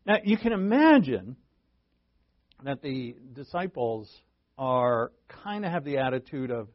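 A man's voice: mid-range voice, sing-song, a little slow, no echo, lo-fi sound. A male preacher teaching a sermon verse by verse, in a conversational way that thinks aloud and asks rhetorical questions.

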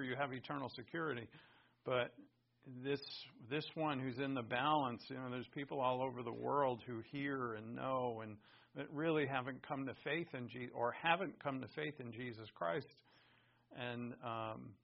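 Emphatic male preacher with a gravelly voice, on a dull, lo-fi sermon recording. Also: mid-range voice, normal speed. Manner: emphatic, swings from loud to hushed. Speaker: pastor.

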